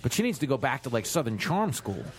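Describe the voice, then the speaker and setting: A man co-hosting a comedic radio show from a New York studio, bantering in a joking, animated way. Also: mid-range voice, slightly rough. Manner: animated, jokey, quick asides.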